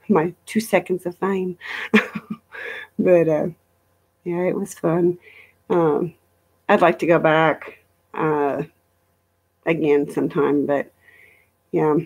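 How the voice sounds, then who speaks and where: A woman's voice: low-pitched, level tone, measured pace, gravelly, long pauses, darkish tone, breathy edge. A middle-aged woman chatting casually on a live stream from home, rambling through travel stories and reading viewer comments aloud. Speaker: livestream host.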